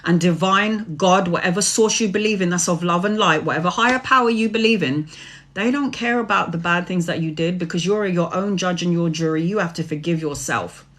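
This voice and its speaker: A woman's voice: on the low side, brisk, a bit bright. Sweary, preachy woman tarot reader. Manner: casual, preachy, swears freely. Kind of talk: spiritual monologue.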